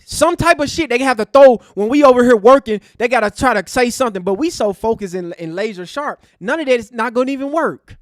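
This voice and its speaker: A man's voice: very high-pitched, lively intonation, a little fast, hardly any pauses, dry recording, clean studio sound. A man hosting an online show, delivering a fiery, preachy rant to his live chat. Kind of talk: impassioned livestream rant.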